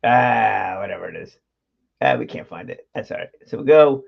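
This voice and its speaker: A man's voice: lowish voice, animated, normal speed, gravelly. Casting chatty New guy hosting a home livestream, loose and rambling, muffled lo-fi sound. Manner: chatty, laughs often, many fillers and restarts. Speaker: host of a livestream show. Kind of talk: casual rambling livestream chat. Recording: dull lo-fi stream audio.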